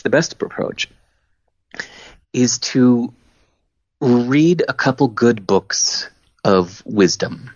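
A man, a guest on a podcast, telling stories in a relaxed, expressive way. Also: deep voice, husky, no room sound. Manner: animated storyteller, expressive. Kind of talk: casual podcast conversation. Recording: dull lo-fi, dry sound.

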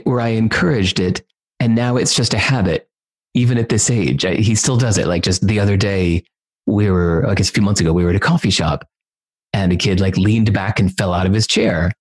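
Husky-voiced man telling parenting stories. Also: medium pitch, darkish tone. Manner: rambling, many "like" fillers. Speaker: guest parent. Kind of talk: casual conversational storytelling.

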